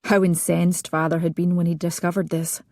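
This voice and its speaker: A woman narrating a romance audiobook with measured storytelling. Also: lowish voice, flat delivery, darkish tone, no room sound, clean studio sound.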